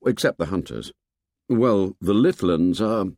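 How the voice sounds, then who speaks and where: A man's voice: low voice, lively intonation, unhurried, a little mellow, no room sound, clean studio sound. A man voicing a weary boy leader who talks in an exasperated, complaining tone.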